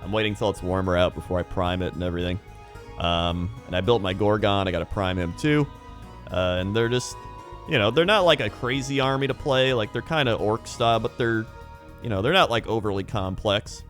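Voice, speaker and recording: A man's voice: fairly low pitch, fairly quick, a bit bright, soft background music. A young man talking casually and enthusiastically on his own, rambling with frequent chuckles and restarts. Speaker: hobby video host. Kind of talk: casual monologue.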